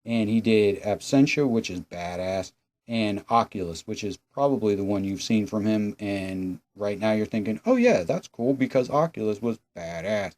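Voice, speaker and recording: A man's voice: on the low side, moderate pace, darkish tone. A young man hosting a casual, sarcastic, profane episode recap. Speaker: host.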